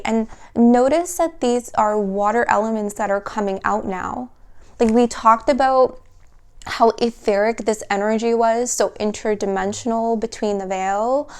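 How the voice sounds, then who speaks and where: A woman with a fairly high, smooth and clear voice gives a tarot reading. She speaks softly and slowly in a dreamy, searching way, often trailing off and restarting. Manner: emotional, at times laughing through tears. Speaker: tarot reader.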